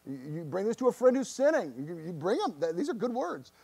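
A man preaching a sermon in church, his voice pitched high for a man. He speaks earnestly, often repeating words as he presses searching questions on his congregation. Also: big pitch swings, quick pace, vocal fry, darkish tone, husky. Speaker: pastor.

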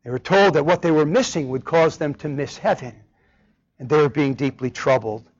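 A man's voice: a little high, moderate pace. A man preaching a sermon with emphasis, often asking the congregation rhetorical questions. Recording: dull lo-fi recording.

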